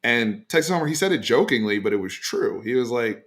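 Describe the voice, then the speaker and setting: A man's voice: medium pitch, brisk, few pauses. Emphatic man hosting a sports talk show. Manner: animated, emphatic opinions with frequent fillers. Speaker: sports podcast host.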